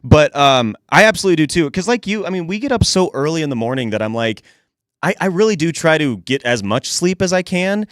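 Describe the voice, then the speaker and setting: A man's voice: fairly high pitch, fairly quick, no room sound. A man co-hosting a morning radio show, chatting casually and telling stories with lots of energy in a studio. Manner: chatty, animated storytelling.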